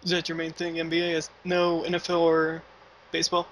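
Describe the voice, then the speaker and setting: A man's voice: on the high side, monotone, a little fast, fairly bright tone, low-quality recording. A young man hosting an interview, asking brief, easygoing questions. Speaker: interview host.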